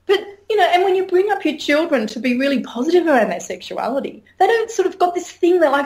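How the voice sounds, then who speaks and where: A woman's voice: very high voice, sing-song, fast, few pauses, darkish tone. A middle-aged woman, talking frankly as an interview guest and laughing often. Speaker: interview guest, sex educator. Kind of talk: candid conversational interview.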